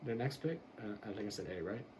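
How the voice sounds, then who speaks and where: A man's voice: fairly low pitch, expressive, quick pace, a little mellow, slight background noise, poor audio. A man grading football draft picks in a casual commentary, blunt and exasperated, swearing and laughing as he rants.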